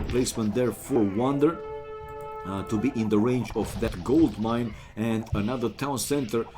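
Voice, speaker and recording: A man who is not a native English speaker casting a live strategy game, excitable and chatty, with sudden bursts of exclamations and joking asides to viewers. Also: mid-range voice. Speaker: game caster.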